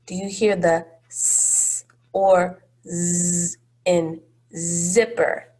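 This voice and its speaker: A woman's voice: on the low side, flat delivery, very slow, a little mellow. A woman teaching a phonics lesson to young children, patient and encouraging, drawing out each word.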